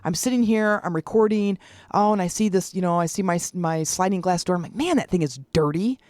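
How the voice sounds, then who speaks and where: In a casual solo podcast monologue, a host in their forties, also a public speaker, acts out the voices in their stories. The mid-range voice has a darkish, clean tone, fairly even intonation, and a slightly fast pace, captured in a dry, clean studio recording.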